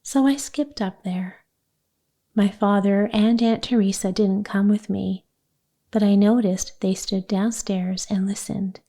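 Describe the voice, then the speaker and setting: Woman doing a gushing, excitable little girl. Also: mid-range voice, unhurried. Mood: eager. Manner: breathless, gushing storyteller. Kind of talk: audiobook character voice.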